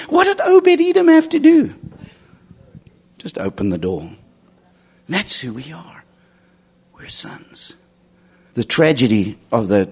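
A middle-aged man preaching a sermon and telling stories, moving from loud, high bursts to hushed, low asides and laughing along as he goes. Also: slightly rough. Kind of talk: sermon with storytelling.

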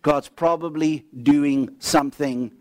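A man preaching a sermon, telling stories with lively swings between animated bursts and low, quiet emphasis. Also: takes it slowly, dry recording.

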